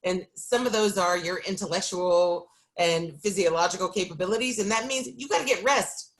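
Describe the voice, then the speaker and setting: This is a woman speaking over a video call, her voice sitting a little low. She sounds deeply tired and talks openly and emotionally, pausing on ums and slipping in short laughs. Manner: candid, emotional, breaks into laughs, halting with many ums. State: exhausted. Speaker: city council member. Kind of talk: candid remarks on a video call forum.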